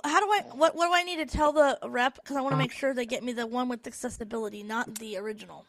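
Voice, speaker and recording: A woman in casual chat, talking in a quick, blunt and teasing way. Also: fairly high pitch, a bit bright, no echo.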